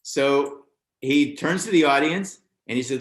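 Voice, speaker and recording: A man's voice: mid-range voice, unhurried, echoey room. Older male comedian telling a story. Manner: animated, acts out other people's lines with raised voice. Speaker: stand-up comedian guest. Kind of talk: storytelling anecdote in a casual interview.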